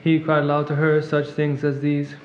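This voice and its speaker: Male reader, rapid monotone liturgical recitation; muffled, long church reverb. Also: on the high side. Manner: fast monotone recitation, clears throat at times. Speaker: reader at a monastery service. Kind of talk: rapid liturgical chant reading.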